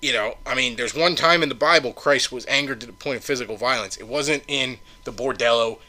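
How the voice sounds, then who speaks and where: In a heated solo rant, a podcast host swears often and fires off sarcastic rhetorical questions. His medium-pitched voice is brisk, bright, and forceful.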